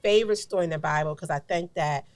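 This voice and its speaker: Woman, low-ish voice, co-host doing a loose, filler-heavy faith segment. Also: quick pace, no echo. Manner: chatty, many fillers like "you know" and "like". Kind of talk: casual devotional talk.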